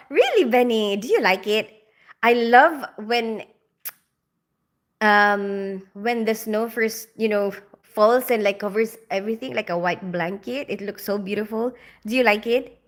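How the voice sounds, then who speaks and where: A woman's voice: medium pitch, a bit bright. Chatty woman livestreamer reading comments. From Philippines. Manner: chatty, laughs often, answers viewer comments. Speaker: livestream host.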